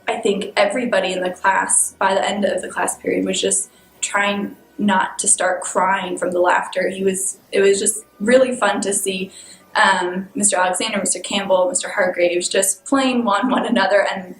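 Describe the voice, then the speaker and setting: A woman's voice: medium pitch, fairly even intonation, normal speed, a little hiss or hum. A woman, a law student, recalling a favorite class exercise with enthusiasm. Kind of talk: recollection told to camera. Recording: echoey room with faint ambience.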